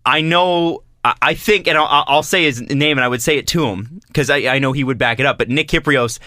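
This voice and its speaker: Bright-voiced man, hesitant sports talk. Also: mid-range voice, no echo, studio quality. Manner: hesitant, restarts, measured analysis. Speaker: podcast co-host. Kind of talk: casual sports chat.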